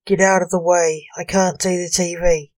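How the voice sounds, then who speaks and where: A woman voicing a jittery male ghost who loves television, jumping up high when startled. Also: little pitch movement, normal speed, close to an everyday voice. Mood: complaining.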